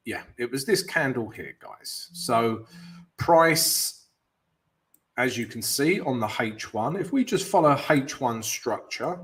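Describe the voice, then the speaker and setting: A man's voice: medium pitch, a bit bright, slightly rough. A man hosting a live forex stream, chatting loosely with viewers, greeting them and walking through his charts. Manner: chatty, loose, keeps calling viewers "guys", light jokes. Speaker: forex trading coach and live stream host.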